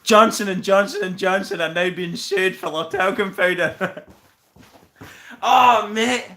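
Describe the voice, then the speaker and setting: A man's voice: high-pitched, unhurried, bright, forceful tone, roomy sound. A Northern Irish man hosting a casual live stream, swearing and laughing as he teases viewers by name. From Northern Ireland.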